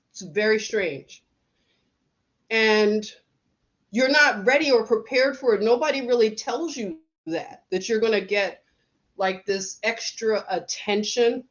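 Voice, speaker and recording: A woman's voice: a little high, unhurried, lo-fi sound. A middle-aged woman hosting a casual livestream, telling stories, laughing often and reading out viewer comments. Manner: chatty, laughs often, storytelling.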